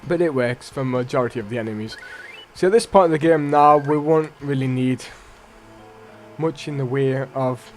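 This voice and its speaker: A man with a mid-range voice talks at a normal speed while hosting a let's play. His gameplay commentary is casual and rambling, and he often corrects himself. Faint game music plays in the background.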